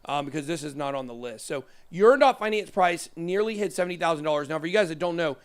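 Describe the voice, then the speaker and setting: Talking fast and animatedly, a man in his thirties rambles through live price charts on his laid-back crypto show, poking fun at himself as he goes. His voice is a little high and clean in tone.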